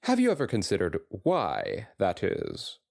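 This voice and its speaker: A blunt, dryly sarcastic rich stallion pony, read by a man in a dramatic fanfiction reading. His voice is very low and unhurried, with lively pitch swings. The sound is dry and close. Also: gravelly, no room sound, heavily acted.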